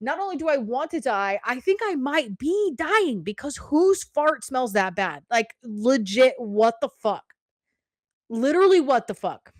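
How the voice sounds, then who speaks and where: Young female podcast host with a fairly high voice, animated and profane, recorded dry and close. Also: a little slow, no room sound. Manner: animated, profane, rhetorical "okay?" asides. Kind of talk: casual storytelling.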